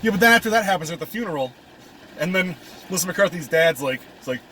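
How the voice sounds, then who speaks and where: A man with a high voice co-hosts a laid-back podcast, laughing often as he retells movie scenes with quick quoted lines. A faint noise runs behind him. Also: lively intonation, sharp tone. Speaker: podcast co-host. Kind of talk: casual movie review chat.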